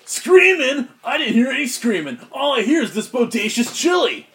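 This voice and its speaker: A man voicing a dim, laid-back surfer-dude monster chef who talks in loud, high surfer slang. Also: sing-song, normal speed, a little hiss or hum, heavily acted. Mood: excited.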